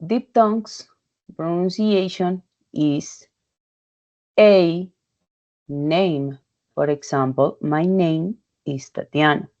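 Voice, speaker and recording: Woman, low-pitched and very slow, halting pronunciation drill, muffled lo-fi audio. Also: a little mellow. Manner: halting, repeats words and sounds one by one. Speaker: English learner presenting a pronunciation task. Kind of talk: slow, careful pronunciation practice with example sentences.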